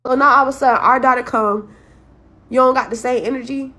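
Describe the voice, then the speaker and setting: A woman's voice: high voice, steady tone, quick pace, bright, forceful tone. Exasperated, profane young woman. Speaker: clip subject, young mother. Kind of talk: venting to camera.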